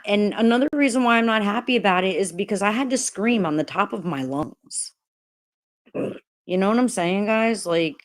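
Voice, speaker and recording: A woman hosting a casual livestream, greeting viewers by name while rambling, hesitant and upset, with many restarts and swearing. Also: mid-range voice. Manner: frustrated and upset. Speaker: livestream host.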